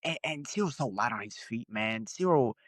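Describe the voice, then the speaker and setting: A man's voice: medium pitch, expressive, moderate pace. A young man co-hosting a casual podcast, talking loosely with slang and frequent laughs. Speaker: podcast co-host. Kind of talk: casual chat.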